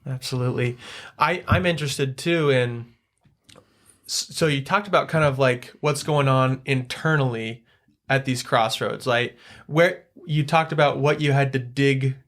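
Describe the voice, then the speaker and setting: Podcast host, man, medium pitch, casual and halting when he asks. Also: fairly bright tone. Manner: halting, rephrases questions as he goes. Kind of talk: casual interview questions.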